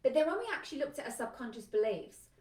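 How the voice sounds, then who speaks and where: A woman coaching business owners in a live talk, emphatic and energetic, peppering her points with "like". Her voice sits a little high and sounds set back from the microphone in an echoey room. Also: fast. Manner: energetic, emphatic, conversational with lots of "like". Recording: echoey room, a bit far from mic.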